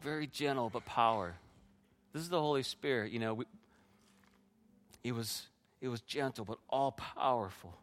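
A man's voice: medium pitch, normal speed, pauses often. A man preaching a sermon as pastor, sharing his own testimony in an earnest way and speaking directly to the congregation.

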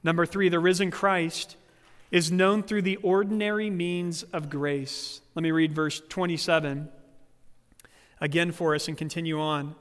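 A male pastor delivers a sermon in a church sanctuary. His voice sits high and animated, shifting into playful quoted voices, and it carries a long hall reverb. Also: unhurried, clean tone.

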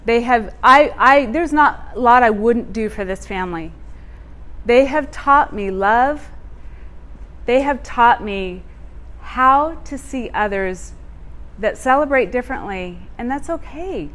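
A woman telling a personal testimony in a sermon, animated and expressive, laughing as she tells it. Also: on the high side, takes it slowly. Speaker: church speaker.

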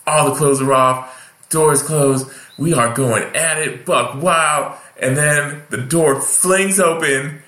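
A man's voice: fairly high pitch, slow pace, sharp tone. A man telling a long story in casual chat, rambling with many fillers and restarts. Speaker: guest. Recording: echoey room.

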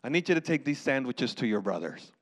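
A man's voice: mid-range voice, sing-song, a little fast, voice pushed down. A preacher putting on an offhand old father. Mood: dismissive.

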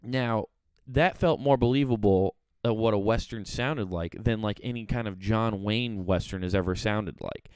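A man's voice: fairly low pitch, moderate pace, a little mellow, smooth, no room sound. A young man hosting a casual podcast chat, ranting profanely with lots of filler words. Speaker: podcast host. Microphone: studio mic.

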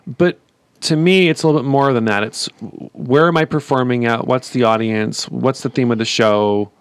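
A man's voice: medium pitch, normal speed, clear, resonant tone, dry recording. Chatty man with a dry, close sound. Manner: chatty, laughs often, calls others darling. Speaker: drag performer guest. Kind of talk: casual podcast chat.

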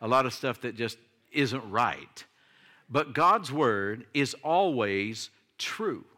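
A man's voice: mid-range voice, expressive, takes it slowly, sharp tone. An older man, a pastor delivering a sermon in a conversational style that swings into emphatic declarations.

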